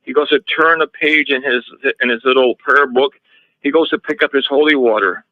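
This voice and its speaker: A man of ordinary pitch tells a story as an interview guest, in a lively way with many restarts and retold lines of dialogue. The sound is dry and a little dull, like lo-fi audio. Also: moderate pace, dry recording. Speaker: guest recounting a haunting in his home.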